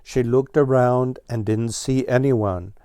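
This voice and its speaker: Slow, mellow male storyteller. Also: medium pitch, fairly even intonation, smooth, no echo, clean studio sound. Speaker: storybook reader. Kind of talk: reading a children's story aloud.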